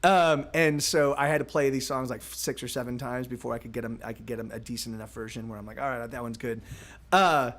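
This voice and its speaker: A man's voice: medium pitch, steady tone, brisk, fairly bright tone. A man streaming live from a home studio, singing his own songs with a guitar, then chatting with viewers in a stammering, laughing way.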